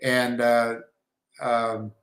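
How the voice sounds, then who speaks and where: The subject is markets and trading, which a man covers in an unhurried, halting way, repeatedly restarting sentences and filling gaps. His middling-pitched voice has a fairly bright tone and a completely flat delivery, and the recording carries a clear room echo.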